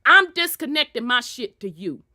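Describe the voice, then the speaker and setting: A woman with a Southern accent hosting an online talk show, telling stories in a loud, animated way with plenty of profanity. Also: fairly high pitch, moderate pace, dry recording, studio quality. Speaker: host. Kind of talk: casual chat.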